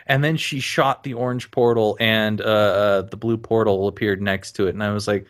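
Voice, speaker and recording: A man on a casual podcast, telling stories animatedly with lots of ums and sudden high-pitched laughter. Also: steady tone, normal speed. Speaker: podcast guest.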